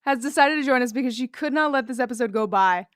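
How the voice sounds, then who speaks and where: A woman co-hosting a podcast in casual chat, with dry, deadpan jokes. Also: high-pitched, quick pace, clear, resonant tone, no room sound. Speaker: podcast co-host.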